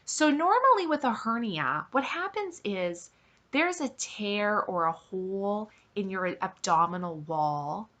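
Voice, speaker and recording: A woman's voice: mid-range voice, expressive, unhurried, a bit bright. A woman hosting her own vlog, telling a personal story to camera in a candid, emphatic and exasperated way. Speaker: vlog host.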